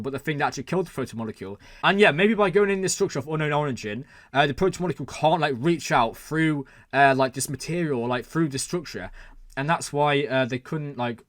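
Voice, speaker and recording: Man, reaction host, excitable, rambling, fairly high voice, dry close sound. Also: no room sound. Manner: excitable, rambling, thinks aloud with many fillers and exclamations. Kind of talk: excited TV episode reaction and speculation.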